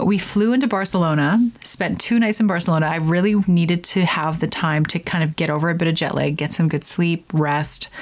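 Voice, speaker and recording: Brief: young woman, podcast host, chatty and animated, casual solo talk. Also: fairly low pitch. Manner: chatty, animated, acts out silly voices in quotes.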